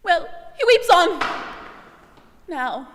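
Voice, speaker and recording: A woman playing a comic young male servant who mourns over his dog, in an animated, mock-tragic style of amateur Shakespeare acting. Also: very high voice, drawn-out words, heavily acted. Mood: mock-grieving. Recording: long reverberant echo.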